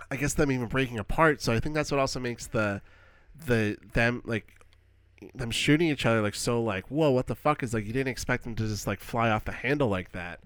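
A man's voice: mid-range voice, a bit bright, smooth, no echo. A man co-hosting a podcast in casual chat, rambling with lots of fillers and acting out his reactions. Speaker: podcast co-host.

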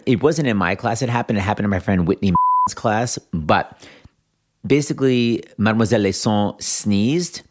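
Guy hosting a podcast, super lively up and down voice, chatty, laughs a lot. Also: on the low side. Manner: animated, chatty, laughs often. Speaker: podcast host. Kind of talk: casual interview chat.

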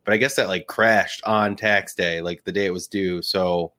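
A man's voice: deep voice, fairly even intonation, normal speed, pushed and bright. A man co-hosting a podcast, chatting casually and rambling with lots of "like" and restarts. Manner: rambling, many fillers and restarts. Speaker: podcast co-host.

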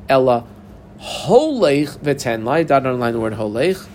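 A man's voice: mid-range voice, very animated, measured pace, darkish tone, slight background noise. A man teaching a Talmud passage, methodically reading Aramaic phrases, translating them and telling learners how to mark up the text. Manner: methodical, guides text markings step by step. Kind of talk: text study lesson.

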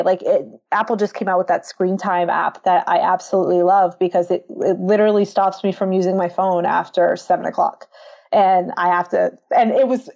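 A woman's voice: mid-range voice, lo-fi sound. A woman who is a marketing consultant, speaking as a podcast guest in casual conversation and acting out her own thoughts as she tells stories. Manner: animated storytelling, acts out her own thoughts.

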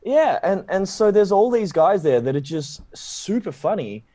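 A young adult man with an Australian accent, a guest actor telling an animated, casual story with lots of laughter. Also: high-pitched, a little slow, no echo. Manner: animated, laughing, acts out quoted voices.

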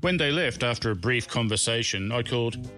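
A man's voice: medium pitch, expressive, brisk, pushed and bright. A middle-aged man, reading a humorous memoir of his own with dry, self-mocking wit. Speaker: memoir narrator. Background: background music.

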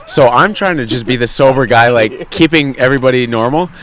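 A young man telling a story in casual chat, in a relaxed, wry way. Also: medium pitch, fairly quick. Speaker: podcast co-host.

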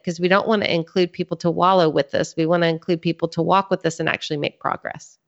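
Low-voiced woman explaining with earnest care. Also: level tone, moderate pace, few pauses. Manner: earnest, teaching, lays out points in a clear sequence. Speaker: podcast guest, author and ministry leader. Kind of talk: conversational interview talk. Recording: slightly dull lo-fi sound.

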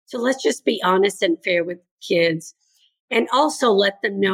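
With a mid-range voice at a moderate pace, marked by vocal fry and slight roughness, this older woman speaks earnestly. She's a grandmother and educator being interviewed conversationally, and she performs the voices of the kids and parents she quotes.

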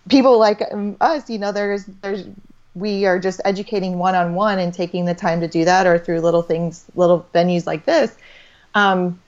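A woman's voice: lowish voice, a little mellow. A woman in her thirties, a holistic doctor, talking in a rambling, faith-filled conversation full of restarts and trailing phrases. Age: 30s. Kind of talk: casual faith-based conversation. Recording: slightly dull lo-fi audio.

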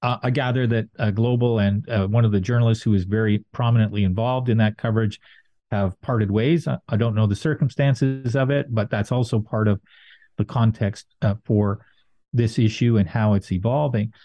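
A man's voice: fairly low pitch, fairly even intonation, normal speed, warm tone, no room sound, dull audio. A middle-aged man giving thoughtful political commentary, hedging often with fillers.

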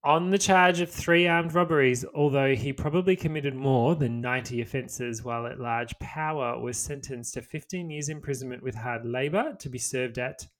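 A man's voice: medium pitch, moderate pace, few pauses, fairly bright tone. An Australian man with an everyday mid-range voice reads a history story for a podcast. He mixes the scripted telling with loose, sweary asides to his co-host. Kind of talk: reading a history story aloud, with casual banter.

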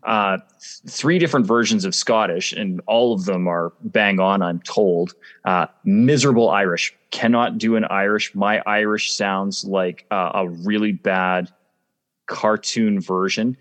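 A man's voice: lowish voice, fairly even intonation, unhurried, a bit bright. A man from Canada, an actor, chatting as a guest over a video call in a playful way, laughing and restarting often. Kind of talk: casual interview chat.

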